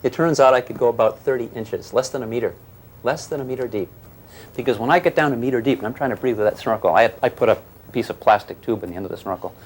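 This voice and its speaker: A man's voice: mid-range voice, fast talker, slight background noise. An older man giving a physics lecture to a class, teasing and questioning his students as he explains. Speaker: physics teacher.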